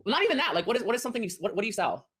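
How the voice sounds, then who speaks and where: Fast-talking female sales coach, emphatic, slips into mock voices. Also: fairly high pitch, sing-song, a bit bright, breathy edge. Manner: rapid, emphatic, acts out quoted voices. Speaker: network marketing coach. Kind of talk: live coaching call advice.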